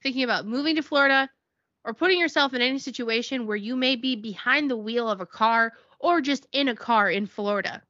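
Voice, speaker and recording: A woman's voice: a little high, brisk, no echo, dull audio. A woman co-hosting a podcast, telling stories in a casual chat and acting out the people in them. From Connecticut. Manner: animated storytelling, acts out quoted people. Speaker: podcast co-host.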